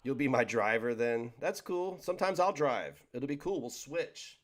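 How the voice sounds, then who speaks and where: Hosting a livestream, a man reads chat and talks casually with his audience at a normal pace, his mid-range voice lively in intonation as he rambles, jokes and trips over words.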